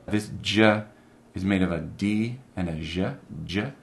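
A man's voice: deep voice, a little slow, creaky. A man working as a dialect coach, patiently teaching pronunciation step by step. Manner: patient, instructive.

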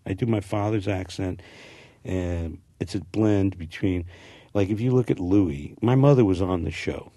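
A man's voice: low voice, a little slow, dark tone, no room sound. A man with a slight New Jersey accent, an actor talking through an interview in a rambling, reminiscing way that restarts its sentences. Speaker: actor guest. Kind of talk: casual interview.

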